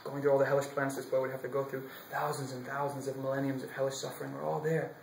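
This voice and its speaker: A man telling a devotional story expressively, shifting from loud to whispered passages. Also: medium pitch, flat delivery, quick pace, creaky, reverberant, slight background noise, low-quality recording. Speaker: storyteller monk.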